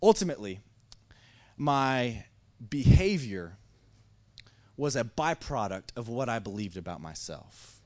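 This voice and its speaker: Guy in his 30s preaching, tells stories all animated, lots of restarts, mid-pitched voice, church crowd. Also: measured pace, long pauses. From Missouri. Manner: animated, acting out dialogue, many restarts. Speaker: pastor. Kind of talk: storytelling sermon. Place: church service before a congregation.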